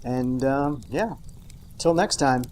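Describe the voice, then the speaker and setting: A man's voice: mid-range voice, expressive, takes it slowly, a little mellow, a little hiss or hum. A man hosting an unscripted TV episode review, talking in a conversational, rambling way with wry asides. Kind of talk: unscripted casual review monologue.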